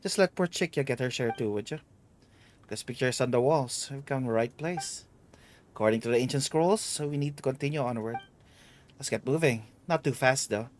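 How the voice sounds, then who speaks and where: A man's voice: medium pitch, fairly quick, a little hiss or hum, natural voice. A man reading the lines of a teasing, vain aging female treasure hunter aloud while streaming a game.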